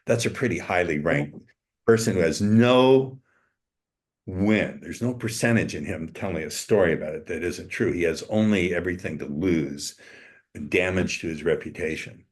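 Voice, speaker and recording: A man's voice: sits low, normal speed. An older man, an interview guest, telling a story in a blunt, emphatic way and swearing freely. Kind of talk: casual storytelling.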